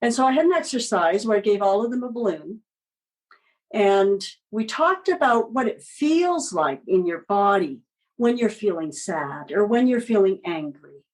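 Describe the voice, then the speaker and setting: A woman, a children's book author, telling a story as a guest in a podcast interview in a gentle, encouraging way. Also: medium pitch, expressive, moderate pace, rough recording.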